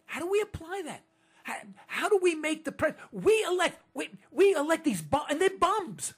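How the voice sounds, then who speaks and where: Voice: extremely high pitch, big pitch swings, normal speed. A political commentator delivering an indignant monologue to listeners, full of rhetorical questions and stammered restarts.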